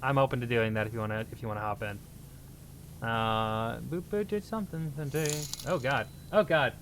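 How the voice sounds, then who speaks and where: A man streaming live, chatting casually and bantering excitably with his chat, sometimes yelling in mock outrage. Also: medium pitch, normal speed, a little hiss or hum.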